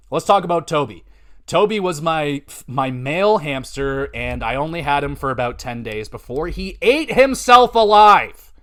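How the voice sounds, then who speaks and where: A man, hosting a podcast and telling rambling, profane, animated stories. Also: on the high side. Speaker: podcast host. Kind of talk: casual storytelling.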